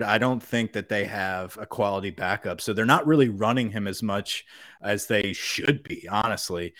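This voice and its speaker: A man's voice: medium pitch, no room sound, studio quality. A man co-hosting a podcast, chatting casually about college football, loose and laughing, with the odd swear. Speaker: podcast co-host. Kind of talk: casual sports chat. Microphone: studio podcast mic.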